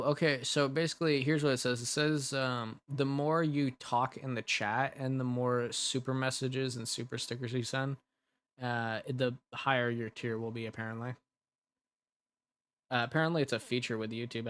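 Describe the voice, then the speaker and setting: A man's voice: medium pitch, fairly even intonation, normal speed, smooth. Chatty, giggly man on a livestream. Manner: laughs often, rambling and self-deprecating; reads chat messages aloud and answers them. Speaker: ASMR creator hosting a livestream. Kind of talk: casual livestream chat.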